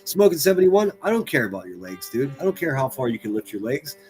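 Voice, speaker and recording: A man's voice: mid-range voice, sing-song, quick pace, a little mellow, faint music behind. Profane ranting male streamer. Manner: profane, mocking, exasperated. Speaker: streamer host. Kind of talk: crude ranting commentary.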